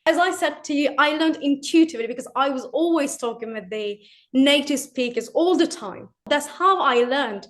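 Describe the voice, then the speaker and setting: Lady answering questions, pretty high voice, says it like she means it. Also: lively intonation, normal speed. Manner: firm, reassuring, repeats her point. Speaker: interview guest, English learner. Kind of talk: casual interview answers.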